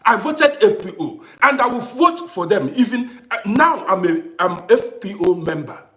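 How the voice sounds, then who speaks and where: Male livestream host, middle-aged, high-pitched and expressive, hammering points home through repetition. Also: normal speed. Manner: emphatic, repeats phrases for effect. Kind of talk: impassioned livestream monologue.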